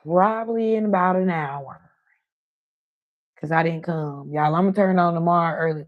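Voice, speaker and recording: A woman's voice: on the low side, moderate pace, narrow, tinny audio. A woman hosting her own live stream, chatting casually and talking straight to her viewers. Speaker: livestream host.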